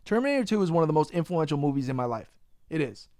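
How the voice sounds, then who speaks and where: A young man hosting a podcast, animated and profane, ranting in casual chat. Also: fairly high pitch, rapid-fire, no echo, studio quality. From Long Island, New York. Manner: profane, animated ranting, says "bro" a lot. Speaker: podcast host.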